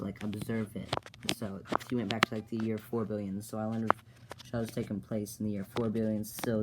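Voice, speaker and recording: A man casually retelling the plot of his own comic, halting, with many fillers and self-corrections. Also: lowish voice, heavy background noise.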